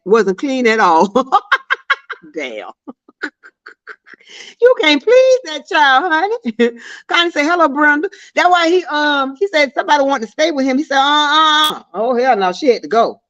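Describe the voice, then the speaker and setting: Lively high-voiced woman streamer. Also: measured pace. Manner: laughing, reads viewer comments aloud. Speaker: live streamer. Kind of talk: casual live-stream chat. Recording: dull lo-fi stream audio.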